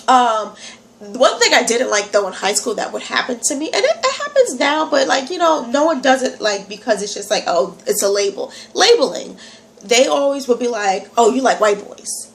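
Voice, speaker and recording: Animated New York woman with a stuffy nose. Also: on the high side, moderate pace, creaky. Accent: slight Southern country accent. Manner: animated, chatty, digresses. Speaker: vlogger. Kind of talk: casual talk to camera. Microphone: phone camera.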